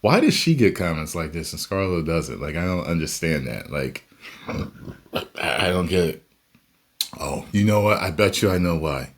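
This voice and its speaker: Man, lowish voice, emphatic ranting, reaction commentary. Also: expressive, moderate pace. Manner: ranting, emphatic, laughs often. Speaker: YouTube reaction host.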